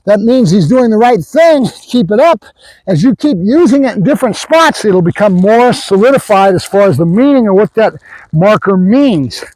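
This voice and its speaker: A man with a high-pitched voice talks through a dog training session in a casual, easygoing way. He keeps checking in with his viewers as he explains. The sound is dry and close, with almost no room echo. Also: animated, moderate pace, darkish tone. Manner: casual, talks to the viewers with frequent "right?" asides.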